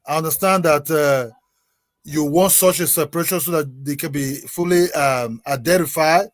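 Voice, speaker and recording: Insistent African-accented man, high voice. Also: normal speed, no echo. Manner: repeats "you understand me", insistent. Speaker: panelist. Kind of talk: heated panel debate.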